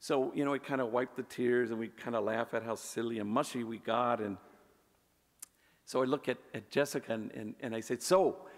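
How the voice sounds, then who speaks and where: Gravelly-voiced priest guy telling stories to a crowd, chatty, big echoey hall. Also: mid-range voice, fairly even intonation, fairly quick. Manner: warm conversational storyteller, sprinkles Spanish words. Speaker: priest giving a public talk. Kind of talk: storytelling speech. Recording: echoey hall with long reverb.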